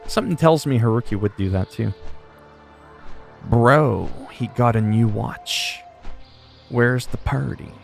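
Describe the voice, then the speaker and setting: A man's voice: mid-range voice, takes it slowly, creaky, long pauses, faint music behind. A man hosting a casual gaming livestream, rambling through funny stories and swearing freely. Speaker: livestream host. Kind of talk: casual gaming stream chat.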